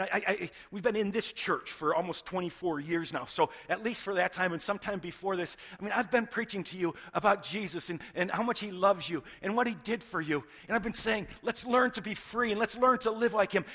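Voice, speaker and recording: A middle-aged man, a pastor, preaching a sermon in an earnest way, often restarting words and swinging between loud stresses and hushed lines. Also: on the high side.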